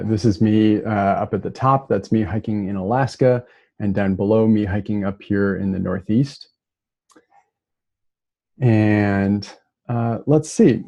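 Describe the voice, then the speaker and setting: A man from Minnesota giving a relaxed, casual lecture remotely, with plenty of fillers and restarts. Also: on the low side, creaky, no echo.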